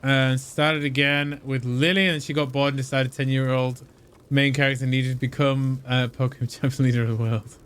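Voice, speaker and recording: A man's voice: mid-range voice, flat delivery, normal speed, a bit bright, clear, resonant tone. A man from southern England chatting casually while playing a game, rambling and correcting himself as he goes. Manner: rambling, hesitant, lots of restarts and self-corrections. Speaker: gaming streamer.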